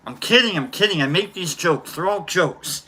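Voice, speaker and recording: A man's voice: high voice, animated, normal speed, sharp tone, husky. A man hosting a live stream, greeting viewers by name and rambling through jokes in a casual chat.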